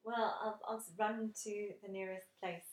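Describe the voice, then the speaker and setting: A young woman in her twenties from England, co-hosting a podcast at home with quick, teasing banter. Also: medium pitch, flat delivery. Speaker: podcast co-host. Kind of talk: casual chat. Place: home room. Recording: echoey home room, faint noise.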